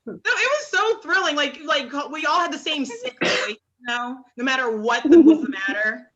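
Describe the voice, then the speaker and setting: A young woman from Oklahoma performing a stand-up comedy set on a club stage, with a halting delivery full of restarts and dry punchlines. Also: high voice, lively intonation, a bit bright, muffled recording.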